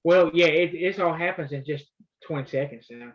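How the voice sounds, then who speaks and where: Male trading coach, casual explainer, fairly high voice, dull lo-fi sound. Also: normal speed. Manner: loose, conversational explaining. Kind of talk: casual live coaching session.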